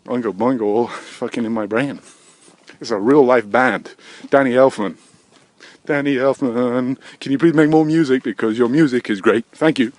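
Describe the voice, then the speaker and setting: A man in his thirties hosting a rambling solo podcast, swearing constantly, drifting between low mutters and sudden loud outbursts. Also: moderate pace. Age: 30s. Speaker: podcast host. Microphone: desk microphone.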